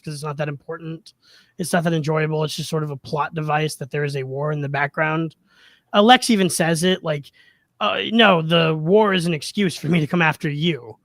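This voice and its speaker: A man on a casual livestream who thinks aloud and rambles, leaning on fillers. His voice sounds close and dry, and it sits a little high. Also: gravelly, fairly bright tone, no echo. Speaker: co-host. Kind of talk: casual chat.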